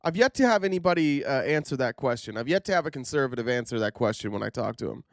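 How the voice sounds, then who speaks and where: A man's voice: fast, no room sound. A sarcastic man talks straight into his livestream camera, his nose stuffed up from a sinus infection. His voice leaps upward whenever he gets worked up. The sound is close and dry. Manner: sarcastic, animated, pitch jumps up when indignant. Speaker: political commentary host. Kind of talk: casual livestream commentary. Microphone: livestream camera setup.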